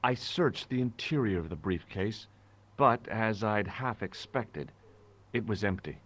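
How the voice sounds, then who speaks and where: A man giving scripted first-person game narration as a dry, measured detective. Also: lowish voice, lively intonation, fairly bright tone. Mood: even.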